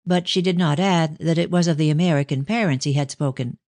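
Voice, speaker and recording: A woman narrating a classic mystery novel in a measured, even storytelling manner. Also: low-pitched, no echo. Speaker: audiobook narrator.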